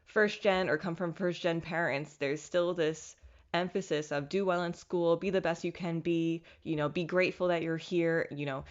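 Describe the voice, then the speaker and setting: A woman's voice: on the low side, normal speed. Candid, self-mocking young woman. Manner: candid, self-mocking, animated with bursts of laughter. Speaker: podcast host. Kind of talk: casual solo monologue. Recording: dull lo-fi recording.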